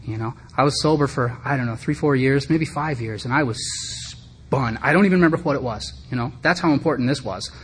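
A middle-aged man with a mid-range voice talks briskly to a recovery meeting, being frank and poking fun at himself in a conversational way full of asides. The meeting-room recording carries slight background noise.

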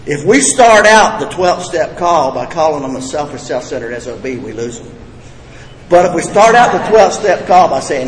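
A man's voice: fairly high pitch, expressive, normal speed, a little hiss or hum. A man giving a recovery talk, blunt and folksy, telling jokes with profane humor. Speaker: recovery meeting speaker. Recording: echoey hall with reverb, faint ambience.

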